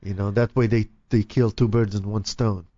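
A man's voice: lowish voice, steady tone, moderate pace, dark tone, no echo. A man in casual conversation, laid-back and agreeable, often backing up the other speaker. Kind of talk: casual chat. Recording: dull lo-fi dry recording.

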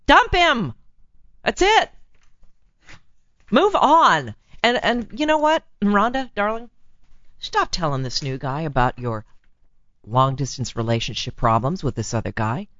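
Lively lower-voiced woman host, blunt advice, dry dull-ish sound. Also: no room sound. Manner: frank, animated, laughs easily. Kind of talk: relationship advice talk.

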